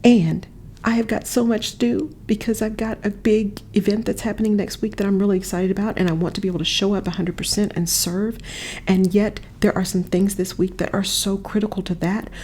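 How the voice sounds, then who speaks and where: A woman's voice: mid-range voice, darkish tone, a little hiss or hum. A woman host and coach giving an earnest, reflective motivational monologue, repeating phrases for emphasis and dropping to a near-whisper at times. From Texas. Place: a friend's house, not her usual space. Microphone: different setup than usual.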